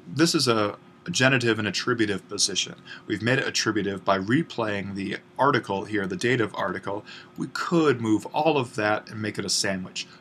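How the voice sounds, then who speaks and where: Teaching grammar online, this Greek instructor speaks in a fairly low, slightly bright voice and takes students through an exercise patiently. His delivery is full of stops, restarts, and little "uh"s as he thinks out loud, over a faint hum of room noise.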